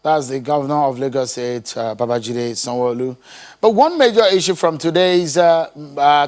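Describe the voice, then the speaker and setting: A man anchoring a live TV politics programme, speaking in a measured way with frequent fillers. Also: mid-range voice. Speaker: news anchor. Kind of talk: live TV news presenting.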